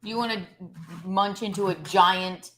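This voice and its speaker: A woman's voice: medium pitch, fairly even intonation, unhurried, a bit bright, a little hiss or hum. A young woman hosting a casual cooking show, joking and chatting playfully while she cooks. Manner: playful, joking, chanting chopping sounds.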